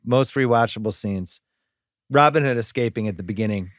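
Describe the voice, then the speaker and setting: A man's voice: on the low side, a little fast, dry recording, studio quality. A man hosting a casual movie podcast, reading out review quotes and joking with profanity. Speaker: podcast host.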